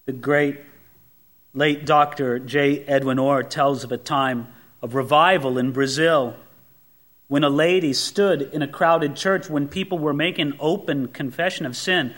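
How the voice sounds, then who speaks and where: Man preaching a sermon, high voice, animated, emphatic, rhetorical questions, loud peaks and quiet drops. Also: a little slow. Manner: speaks directly to the congregation with rhetorical questions. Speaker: pastor. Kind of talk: expository sermon.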